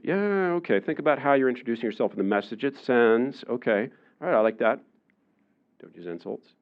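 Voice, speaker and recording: A man giving a public lecture in a relaxed, conversational way, with many fillers, often acting out the voices of the people he quotes. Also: lowish voice, dull audio. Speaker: university lecturer. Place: lecture room.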